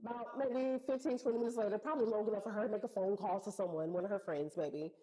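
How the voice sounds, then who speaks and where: A woman's voice: medium pitch, quick pace, a crowd in the background, rough recording. A woman telling a personal story in a casual, slangy way, acting out what people said. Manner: animated, slangy retelling with acted-out quotes.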